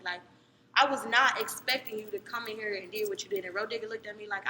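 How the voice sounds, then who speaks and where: A young woman from Cleveland telling a story in casual podcast chat, animated, jumping between loud excited bursts and low murmurs. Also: brisk. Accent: American, Cleveland. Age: young adult. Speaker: podcast co-host. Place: podcast studio. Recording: echoey room with long reverb, faint noise.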